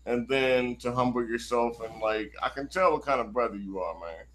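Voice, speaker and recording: A man's voice: medium pitch, moderate pace, a bit bright, a little hiss or hum, rough recording. A man hosting a live radio interview, hyped and encouraging, with a slangy way of talking. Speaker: radio host.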